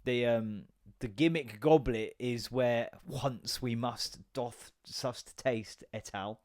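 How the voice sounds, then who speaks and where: A young man hosting his own podcast, rambling and joking with lots of swearing and sudden loud bursts. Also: medium pitch, takes it slowly. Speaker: podcast host. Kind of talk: casual solo podcast rant.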